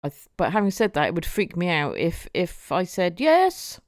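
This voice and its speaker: A woman chats casually with viewers on a live stream, often repeating her words as she goes. Her voice is lowish and a little fast, captured as clean studio sound with no echo.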